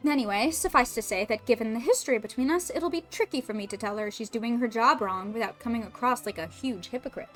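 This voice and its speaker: A woman voicing a stern, proud former head chef who speaks in a dry, measured, self-critical way. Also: a little high, a bit bright, soft background music, close to an everyday voice. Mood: wry.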